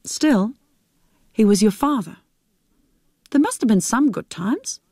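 A woman's voice: a little high, lively intonation, takes it slowly, a little mellow, slightly rough, no echo, studio quality, voice pushed up, heavily acted. A woman voicing a composed adult woman in a spoken story, soothing and in command. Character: calm composed woman, smoking on a couch.

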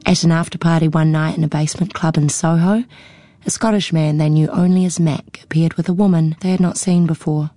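A woman reading a novel aloud in a measured storytelling voice. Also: sits low, fairly even intonation, warm tone, no room sound. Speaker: audiobook narrator. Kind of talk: scripted narration.

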